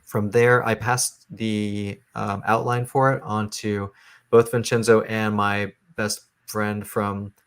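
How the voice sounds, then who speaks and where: Brief: low, even-toned male writer, halting interview talk, lots of fillers. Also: clear, resonant tone. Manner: halting, many fillers and restarts. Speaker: comic book writer, guest.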